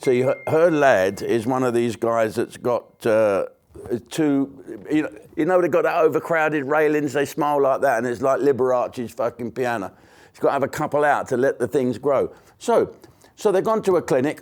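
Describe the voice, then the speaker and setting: Older man, sweary comic rant, mocking, mid-pitched, frequent asides. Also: normal speed, a little mellow. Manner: blunt, sweary, mocking, with many restarts and asides. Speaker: comedian hosting his own online show. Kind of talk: ranting comic monologue.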